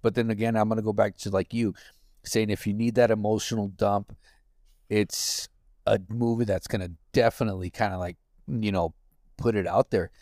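This podcast co-host is a man with a lowish, darkish voice, chatting casually at a moderate pace with fairly even intonation. He rambles, saying "you know what I mean" a lot. The studio recording is clean, with no room sound.

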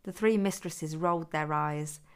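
A woman narrating her own adult story in a steady, even reading voice. Her pitch sits a little low for a woman. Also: measured pace, smooth. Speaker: author and narrator.

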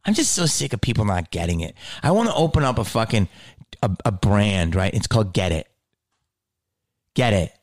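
A man's voice: lowish voice, very animated, normal speed. A middle-aged man comedian ranting in a heated, profane, swaggering way.

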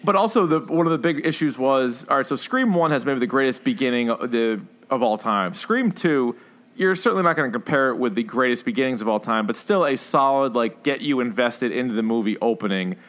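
A man co-hosting a podcast, chatting casually about films in a rambling way, full of fillers and animated retellings. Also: mid-range voice, fairly quick. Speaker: podcast co-host. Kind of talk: casual chat reviewing films.

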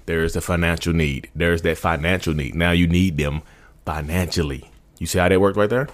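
Deep-voiced man talking casually to viewers. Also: steady tone, fairly quick. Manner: informal, restarts and repeats phrases, addresses viewers as y'all. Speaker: vlogger speaking about narcissism. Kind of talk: casual direct-to-camera talk.

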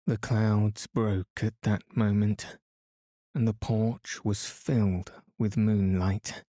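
A man narrates a bedtime story in a slow, soothing reading. His voice is low and warm, with a flat, even melody, recorded close and dry. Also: no room sound.

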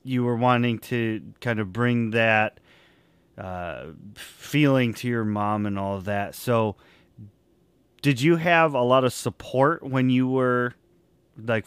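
A man hosting an interview, easygoing, who answers with brief replies and asks relaxed questions. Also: medium pitch, smooth, no echo. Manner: easygoing, quick short replies. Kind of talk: casual interview.

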